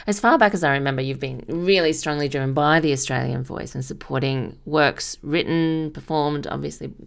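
A woman's voice: low voice, normal speed, gravelly. A woman interviewer asking questions and murmuring agreement as her guest speaks. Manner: warm listener, frequent murmured agreement. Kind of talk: radio-style interview.

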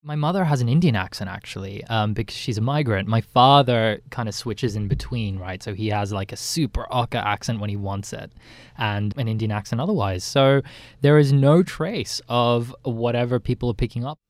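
A man's voice: mid-range voice, moderate pace, dry recording. A man from Sydney with an American-sounding accent, talking casually in an interview. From Sydney, Australia.

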